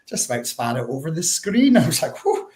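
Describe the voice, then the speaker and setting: A Northeast Scottish man chats as a guest over a video call, his voice sitting a little high. He rambles through stories with plenty of wee asides and laughs. The sound is echoey, as from a bare room at home. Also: very animated, fairly quick, background noise. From Northeast Scotland. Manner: chatty storyteller, laughs often, uses Scots words like wee. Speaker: guest, whisky ambassador.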